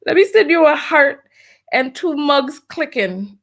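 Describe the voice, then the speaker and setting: High-voiced woman laughing through a livestream. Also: expressive, measured pace. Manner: laughs often, exclaims "oh my Lord" and "have mercy". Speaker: livestream host. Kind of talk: casual livestream chat reading donations.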